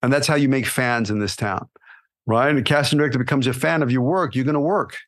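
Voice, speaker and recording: A man delivers a motivational monologue to aspiring actors on his podcast. His voice sits at a middling pitch, and he coaches with energy, pushing his listeners and checking in with a "right?" after his points. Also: brisk. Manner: energetic, coaching, repeats "right?" and "you know". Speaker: podcast host and acting coach.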